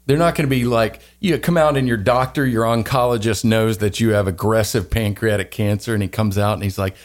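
A man hosting a faith-centered talk, speaking with animated, sermon-like emphasis and sometimes jumping into voices to act out what others say. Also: lowish voice, fairly quick. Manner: animated, acts out quoted voices. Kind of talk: preachy faith discussion.

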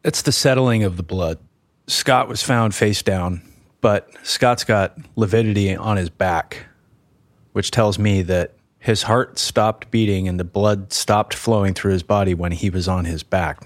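A man's voice: deep voice, fairly even intonation, a little slow, dry recording. A man, a former police officer, explaining things earnestly in candid conversation.

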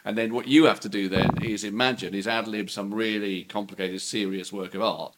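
A man co-hosting a podcast in casual chat, rambling, breaking off mid-sentence and quick to laugh. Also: lowish voice, fairly even intonation, background noise. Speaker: podcast co-host.

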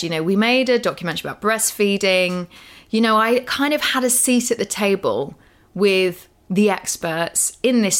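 A woman in casual podcast chat with a lowish voice. She talks earnestly and emphatically, piling up asides like "you know" and "literally". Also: a bit bright. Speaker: co-host and guest.

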